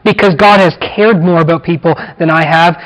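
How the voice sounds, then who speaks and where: A man preaching a verse-by-verse sermon in a fairly high voice. He drives his points home by repeating words and phrases, and he slows right down on the lines he wants to land. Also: steady tone, a bit bright, poor audio. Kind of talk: expository sermon.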